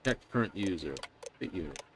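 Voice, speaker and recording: A man streams a space game, talking in a low voice that swings animatedly up and down. His chat is sarcastic and casual. The stream audio carries steady background noise and keyboard typing. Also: a little fast. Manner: sarcastic, mimics game characters in quotes. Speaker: gaming streamer. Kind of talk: casual live-stream commentary.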